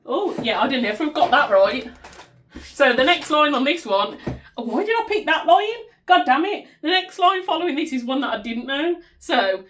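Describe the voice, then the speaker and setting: A woman's voice: high-pitched, animated, moderate pace, fairly bright tone. A woman with a Black Country accent chatting casually on a budgeting vlog, laughing at herself and humming tunes as she sorts cash. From West Midlands, England. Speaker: budgeting vlogger. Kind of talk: casual chat while cash stuffing.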